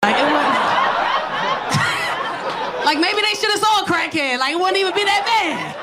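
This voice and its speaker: A woman's voice: high voice, huge pitch swings, moderate pace, long pauses, very noisy. A brash, profane woman in her thirties with a New York accent, doing stand-up comedy and teasing the crowd on a club stage. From South Bronx, New York. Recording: live club recording with loud crowd laughter.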